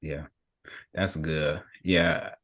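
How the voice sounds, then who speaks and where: A low-voiced man hosts a podcast, asking his guest questions in an easygoing, conversational way. He sometimes hesitates with fillers as he feels for the right word. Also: steady tone, drawn-out words, fairly bright tone. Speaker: podcast host.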